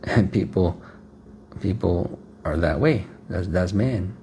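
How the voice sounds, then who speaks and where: A man's voice: deep voice, slow, warm tone, a little hiss or hum. A man preaching a sermon in a rhetorical, repetitive way, often checking in with "right?".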